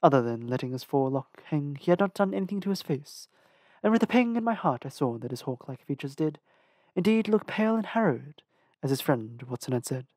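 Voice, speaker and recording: A reader narrates a storybook chapter in a measured, careful voice of middling pitch. The pacing is deliberate, with a small restart here and there. The sound is close and completely dry. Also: big pitch swings, a little mellow, dry recording. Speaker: audiobook reader.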